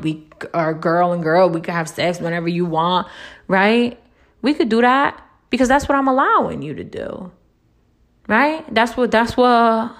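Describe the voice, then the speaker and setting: A woman delivers relationship advice in a casual monologue, blunt and full of profanity. Lively in manner, she tags almost every point with a rhetorical "right?" and swoops much higher in pitch whenever she presses a point.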